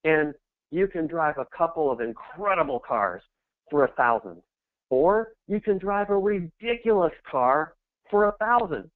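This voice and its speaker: A middle-aged man giving a motivational sales presentation, pep-talk style, swelling to shouted peaks of encouragement. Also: fairly high pitch, animated, unhurried, no room sound. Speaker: network marketing presenter. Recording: tinny phone-like dry sound.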